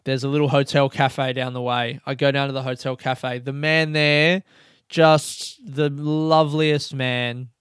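A man's voice: medium pitch, level tone, a little slow, a bit bright, clear, resonant tone, dry recording, studio quality. A young Australian man telling a rambling, self-mocking comic story with casual swearing.

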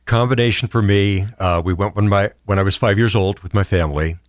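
A man in his sixties chatting as a podcast guest, telling quick, warm recollections. His voice is very low. The sound is dry and close on the mic. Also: no room sound. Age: 60s. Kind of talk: casual chat.

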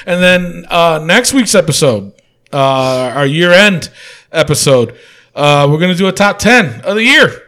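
Male podcast host, casual and jokey, slightly raised pitch. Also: animated, a little slow, fairly bright tone. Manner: laid-back, joking, swears casually. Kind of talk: casual wrestling podcast chat.

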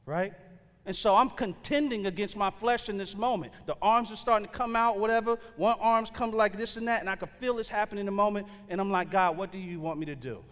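A man's voice: sits high, fairly bright tone, long reverb tail. A man preaching a sermon, telling a story in a loose, conversational way with slang and frequent fillers. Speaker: pastor.

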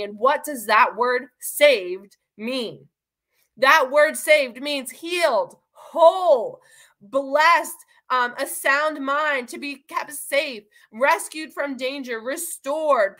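Bright-voiced young woman giving devotional talk. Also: high voice. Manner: earnest, encouraging, speaks directly to listeners. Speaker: Christian devotional speaker.

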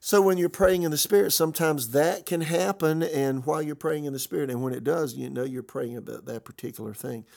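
Pastor guy, gravelly voice, chatty sermon, lots of uhs and restarts. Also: on the high side, brisk, hardly any pauses, a little mellow. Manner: conversational storytelling with many fillers and restarts. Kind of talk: sermon-style teaching.

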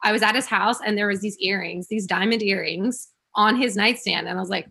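Husky-voiced woman telling a story. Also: on the high side, moderate pace. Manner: animated storytelling, quotes herself, giggles. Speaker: podcast guest. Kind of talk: casual storytelling chat.

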